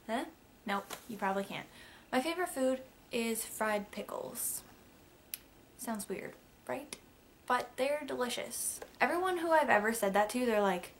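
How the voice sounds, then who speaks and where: Young woman vlogger, chatty and rambling, slightly high-pitched, faint room hiss on a camera mic. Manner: chatty and rambling, many fillers and asides. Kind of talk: casual facts-about-me vlog.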